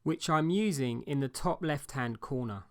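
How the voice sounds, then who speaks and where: Calm man narrating a painting lesson. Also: medium pitch. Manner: calm, measured, explanatory. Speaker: painting instructor. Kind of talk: scripted tutorial voice-over.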